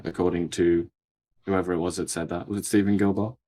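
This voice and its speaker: Deep-voiced dry, sardonic man. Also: flat delivery, a little fast, warm tone. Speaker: co-host. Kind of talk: political commentary talk show.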